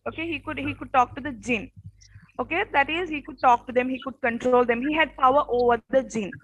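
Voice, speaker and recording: A woman teacher with a rough morning voice tells a story to her class in a casual way, often saying "okay" and stopping to ask the class questions. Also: high voice, a little fast, muffled recording. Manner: peppers speech with "okay" and quiz questions.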